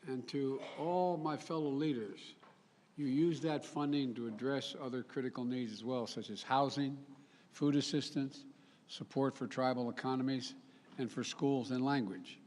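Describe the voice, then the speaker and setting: An older man giving a formal public speech with folksy asides, often halting and correcting himself mid-sentence. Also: medium pitch, fairly even intonation, a little mellow, a little hiss or hum. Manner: halting, with frequent restarts and self-corrections. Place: large summit venue. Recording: long reverb of a big hall.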